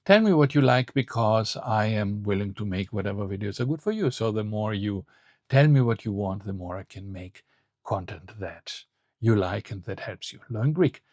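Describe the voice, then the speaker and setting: A man teaching a beginner Greek lesson online, saying model phrases clearly and slowly and setting short quizzes. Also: fairly low pitch, lively intonation, a little mellow, no room sound, clean studio sound. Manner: clear, slow model phrases with quiz prompts.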